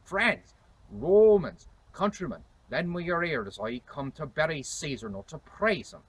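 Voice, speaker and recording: A man's voice: on the high side, sing-song, husky, pitched above the performer's own voice, heavily acted, rough recording. Shakespeare, a man doing an old English accent. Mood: declaiming. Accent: reconstructed 1600s English. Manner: slow, loud, theatrical declamation. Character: Shakespeare, a declaiming Elizabethan man. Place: outdoors.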